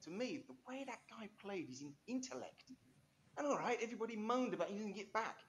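A man's voice: sits high, lively intonation, brisk, a little hiss or hum. A man, an interview guest telling rambling, enthusiastic stories full of restarts and asides. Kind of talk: animated storytelling interview.

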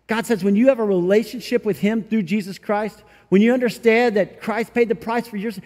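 A man with a high voice delivers a sermon from the church stage. He talks to the congregation conversationally, often tagging on "right?" and "you know?", and acts out little scenes in other people's voices. His words ring out with the long reverb of a large hall. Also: steady tone, fairly quick, darkish tone. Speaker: pastor. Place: church sanctuary.

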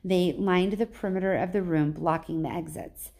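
A woman teacher reading a novel aloud in plain, even storytelling with small slips. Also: lowish voice, moderate pace, vocal fry.

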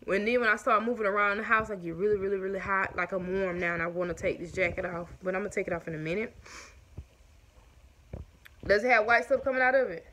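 A woman's voice: medium pitch, steady tone, fast, a bit bright, slight background noise, poor audio. Breathless chatty woman. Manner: chatty, addresses viewers as y'all. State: short of breath. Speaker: vlogger. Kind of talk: casual chat to viewers. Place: at home indoors.

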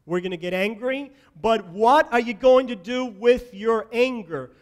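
High-voiced preaching pastor, man. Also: measured pace, few pauses. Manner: emphatic preaching with sharp swings between loud and soft. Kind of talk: sermon. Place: church sanctuary.

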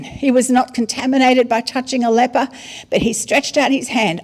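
A middle-aged woman, preaching a sermon as an apostle in a lively, conversational storytelling style. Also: on the high side, fairly quick.

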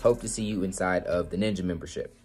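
Gaming channel host, male, eager casual pitch, trips over words, music bed underneath. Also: fast talker. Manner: excited, stumbling over words. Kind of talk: casual video intro. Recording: music playing behind.

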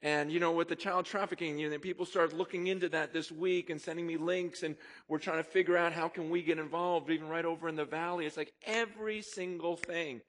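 A man preaching a sermon to his congregation, telling personal stories in an animated, conversational way with frequent asides. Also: a little high, a little fast, few pauses. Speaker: pastor. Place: church auditorium before a congregation.

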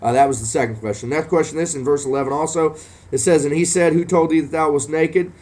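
A fairly high-voiced man preaching with mounting fervor. He drops into a low, soft "amen" after almost every phrase, then pushes his pitch up sharply on the points he hammers home. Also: fairly even intonation, fast talker. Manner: punctuates every phrase with "amen", rising to fervent emphasis. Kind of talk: sermon.

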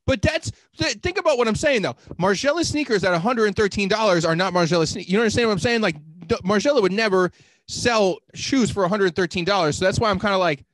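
A man with a notably high voice argues playfully with his co-host and swears casually. He pushes his points with a joking edge. The recording is dry and close, with no room sound. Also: fast talker, a bit bright, no room sound. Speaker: podcast co-host. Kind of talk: casual chat.

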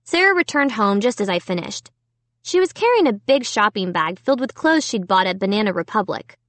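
A woman narrating a children's book in an unhurried, expressive first-person telling. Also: medium pitch, no echo. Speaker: audiobook narrator. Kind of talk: storybook narration.

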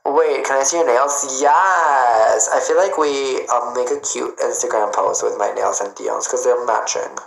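Unhurried chatty man in a roomy space. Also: mid-range voice, creaky, a bit bright. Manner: chatty, greets viewers, playful. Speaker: livestreamer. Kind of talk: casual livestream chat reading comments. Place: at home. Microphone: phone. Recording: roomy echo.

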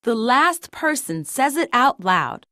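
Woman reading a kids storybook, kinda high voice, bouncy ups and downs, dry close mic. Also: big pitch swings, dry recording. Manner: slow, gentle, lilting read-aloud delivery. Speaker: storybook narrator. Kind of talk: read-aloud children's storybook narration.

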